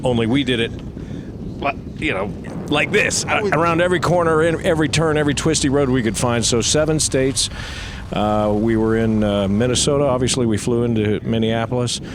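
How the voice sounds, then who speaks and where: A man's voice: mid-range voice, fairly quick, background noise. A man enthusiastically recounting a long motorcycle trip, listing the places it went. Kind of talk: casual recounting.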